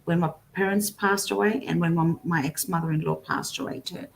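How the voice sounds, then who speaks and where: A woman's voice: lowish voice, fairly even intonation, a little fast, vocal fry, slight background noise. A middle-aged woman, a guest psychic, telling a personal story in a casual interview, full of restarts and self-corrections. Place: remote guest, at home.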